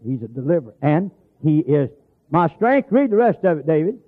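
Gravelly preacher on lo-fi tape. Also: male voice, fairly high pitch, animated, a little fast. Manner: folksy storytelling, calls out scripture with emphasis. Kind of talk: holiness sermon. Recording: phone-like lo-fi sermon tape.

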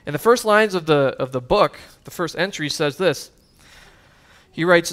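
A man's voice: fairly high pitch, animated, a little slow, a bit bright. A man preaching a sermon as pastor, earnest and conversational, with casual asides and fillers.

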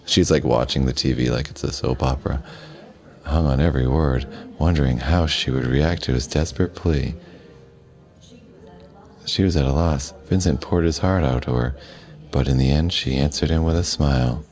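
Very deep-voiced man reading a game aloud. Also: normal speed. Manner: reads the subtitles aloud flatly, with asides. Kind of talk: casual live-stream narration of a game.

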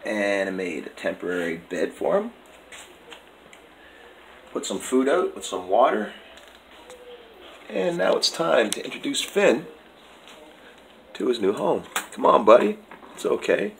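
A man narrating a casual vlog and softly coaxing a timid pet. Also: fairly low pitch, sing-song, takes it slowly, gravelly, long pauses, reverberant, slight background noise, low-quality recording. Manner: soft coaxing talk to a pet. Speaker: vlogger.

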